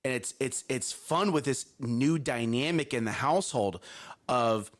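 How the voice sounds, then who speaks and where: A man co-hosting a morning show, chatting casually and telling lively stories about his young daughters, acting out their voices. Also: mid-range voice, unhurried. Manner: animated storyteller, playful voices for his kids. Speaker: co-host.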